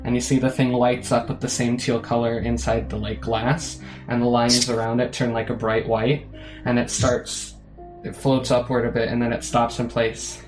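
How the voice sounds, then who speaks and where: A man's voice: mid-range voice, little pitch movement, normal speed, music in the background, rough recording. A man running a tabletop game as game master, telling the scene loosely with many fillers. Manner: loose, filler-heavy storytelling.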